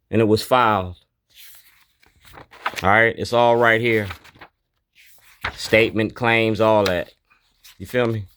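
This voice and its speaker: Blunt low-voiced man, dry close sound. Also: a bit bright, no room sound. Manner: blunt, declarative, pointing things out one by one. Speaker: activist. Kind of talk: narrated documentary walkthrough.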